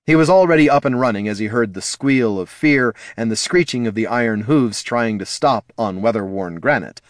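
A man narrating a fantasy audiobook in a measured storytelling manner. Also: medium pitch, lively intonation, no echo, studio quality. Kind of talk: scripted narration.

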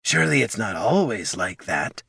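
A man voicing a calm, reserved male troll who speaks quietly and evenly. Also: lowish voice, moderate pace, creaky, slightly rough, no room sound, clean studio sound, exaggerated voice.

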